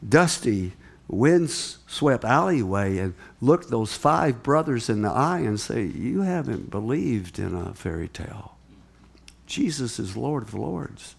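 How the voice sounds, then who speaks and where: Gravelly older man preaching slowly. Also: medium pitch. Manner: storytelling preacher, swings from hushed to loud and emphatic. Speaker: missionary speaker. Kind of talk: sermon.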